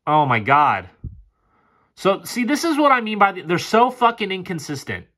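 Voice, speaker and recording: A man's voice: sits high, big pitch swings, normal speed, fairly bright tone. A man casually breaking down football game film, frustrated and sarcastic and swearing often. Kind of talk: casual play-by-play film commentary.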